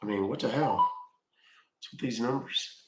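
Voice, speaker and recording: Casual male streamer, gruff and offhand, cussing, roomy echoey sound. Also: mid-range voice, moderate pace, background noise. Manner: grumbling, cursing, offhand. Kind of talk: casual live-stream chat. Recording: roomy echo.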